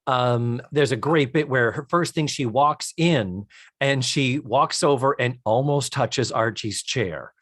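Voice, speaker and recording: A man's voice: mid-range voice, slow pace, no echo, clean studio sound. A man co-hosting a podcast, chatting casually and enthusiastically as he recaps a TV episode in detail. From United States. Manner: animated, enthusiastic, detailed describing. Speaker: podcast co-host.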